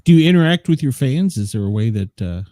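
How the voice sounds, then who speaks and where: Male podcast host, easygoing questions, dark mellow voice, dry close sound. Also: mid-range voice, big pitch swings, fast talker, no echo. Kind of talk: casual interview.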